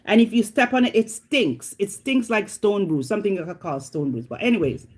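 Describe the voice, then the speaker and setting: A woman's voice: mid-range voice, moderate pace, slight background noise. A middle-aged woman from Jamaica with a Jamaican accent, vlogging in a casual, dramatic storytelling chat. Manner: animated, dramatic, exclamatory storytelling.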